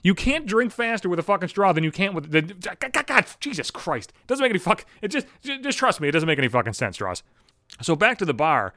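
A man's voice: high voice, very animated, brisk, sharp tone, no room sound, clean studio sound. A man in his thirties telling a comic story as a profane monologue, swearing constantly and working himself up into rants. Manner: swears constantly, gets worked up and ranting.

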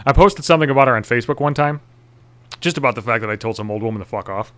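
Young man, profane comic rant, exasperated, swearing a lot, medium pitch. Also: expressive, fast talker, fairly bright tone. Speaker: storyteller.

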